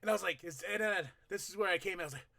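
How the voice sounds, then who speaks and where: High-voiced guy recapping wrestling at home, laughing and doing the wrestlers' voices, dry close mic. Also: very fast, gravelly, dry recording. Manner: animated, laughing, acting out wrestlers' lines. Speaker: podcast host. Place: home room.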